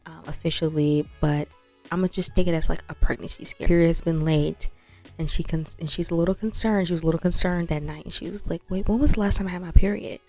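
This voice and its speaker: Chatty, slangy woman narrating her game. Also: fairly low pitch. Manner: animated, slangy, addresses viewers as "y'all". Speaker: gaming channel host. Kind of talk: casual let's-play commentary. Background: faint background music.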